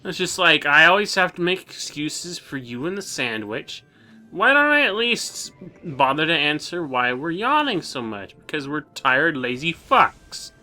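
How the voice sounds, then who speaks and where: A man's voice: fairly high pitch, big pitch swings, a little slow, sharp tone, faint music behind. A young man co-hosting a video game let's play, chatting casually and sounding tired, with stammered restarts. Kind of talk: casual gameplay chat.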